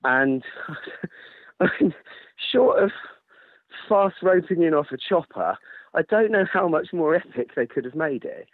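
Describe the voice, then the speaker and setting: A man telling a running story in casual chat, animated, swearing and laughing as he goes. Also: fairly high pitch, a little slow, pauses often, no room sound. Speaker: ultrarunner guest. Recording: tinny phone-line sound, dry.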